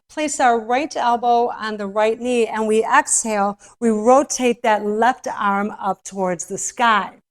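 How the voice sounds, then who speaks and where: A woman leading a guided yoga class, soothing and encouraging, a little out of breath as she demonstrates poses. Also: a little high. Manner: soothing, encouraging, spiritual phrasing with frequent "right?". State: slightly out of breath. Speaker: yoga instructor.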